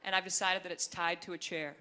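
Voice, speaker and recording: A young woman doing a stand-up comedy set, talking in a wry, chatty way and breaking into high, shrill voices for the people she acts out. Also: little pitch movement, a little fast, heavy background noise. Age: young adult. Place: comedy stage before a live audience. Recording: live club set with audience laughter.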